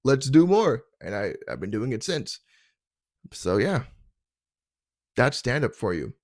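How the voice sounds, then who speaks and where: A man's voice: lowish voice, very animated, measured pace, dry recording. Rambling self-deprecating young man, dry sound. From Canada. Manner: rambling, self-deprecating, stumbling over words. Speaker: comedian podcast host. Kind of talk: casual comedic storytelling. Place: his parents' basement.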